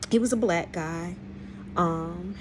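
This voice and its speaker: A woman's voice: on the low side, gravelly, a little hiss or hum. A woman hosting a storytime vlog, telling viewers a story in a blunt, profane way and often speaking straight to them. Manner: animated, exclaims in outrage. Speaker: channel host.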